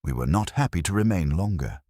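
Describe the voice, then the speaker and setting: A man voicing a composed, reserved young widow with a faint Adriatic accent, speaking softly and with restraint. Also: low voice, animated, fairly quick, no room sound, studio quality. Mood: tense restrained. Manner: soft, restrained.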